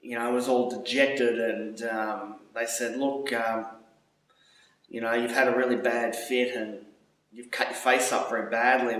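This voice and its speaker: A man telling a vivid personal story, swearing and swinging his pitch as he acts out his own panicked thoughts. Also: fairly bright tone, recorded from a distance. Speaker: storyteller recounting a seizure. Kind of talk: personal story told aloud. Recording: very echoey room, voice away from the mic.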